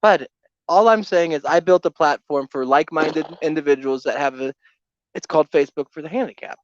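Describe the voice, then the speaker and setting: A man co-hosting a live comedy podcast, pitching absurd ideas with mock sincerity. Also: brisk, no echo, dull audio. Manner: mock-earnest pitching of a joke idea. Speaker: podcast co-host. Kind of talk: crude comedy banter.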